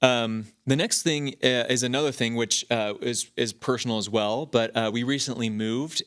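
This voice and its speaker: Rambling, animated man telling stories. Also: fairly low pitch. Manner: rambling, animated storytelling with many restarts. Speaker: podcast host. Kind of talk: casual talk.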